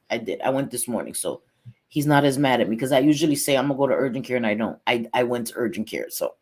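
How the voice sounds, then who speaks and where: A woman's voice: very deep voice, husky. Chatty, blunt middle-aged woman streaming live. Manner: chatty, blunt, swears freely, greets viewers by name. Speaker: livestream host. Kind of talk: casual livestream chat.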